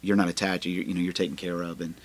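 A man in church leadership sharing his views in a casual discussion, earnest and quick, peppering his speech with "you know". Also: low voice, flat delivery.

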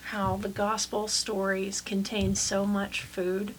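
A woman pastor speaks in an easy, reflective way, pausing and circling back with soft fillers. Her voice sits at an ordinary middle pitch. A faint hiss runs under the recording. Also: monotone, low-quality recording. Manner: thoughtful, unhurried, many fillers. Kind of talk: casual faith discussion.

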